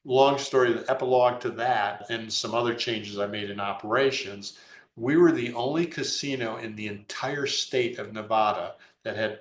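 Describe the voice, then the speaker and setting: A man telling business stories as an interview guest, animated and acting out the dialogue. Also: on the low side, reverberant, slight background noise. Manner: animated, acts out dialogue with many voice shifts. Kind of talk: storytelling in a conversational interview.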